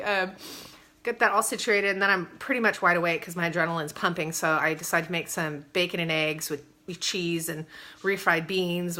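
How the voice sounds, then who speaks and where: A woman's voice: mid-range voice, sharp tone. A woman in her thirties with a Texan accent, telling a casual story to camera about her morning as a mother of four, laughing often as she talks.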